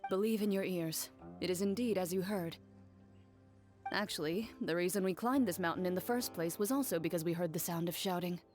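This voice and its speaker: A woman playing a composed, blunt young woman who speaks in a calm, matter-of-fact way. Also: on the low side, a little fast, lightly acted. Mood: dry. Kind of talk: game dialogue voice acting. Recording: game cutscene with faint music.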